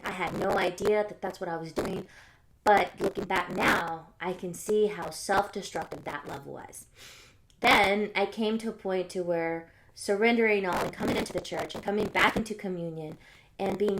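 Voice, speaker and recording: A woman hosting a live stream, giving an earnest, musing faith talk to her viewers and coming back to key phrases. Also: medium pitch. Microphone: phone or webcam on a live stream. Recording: loud noise, jumbled live-stream audio.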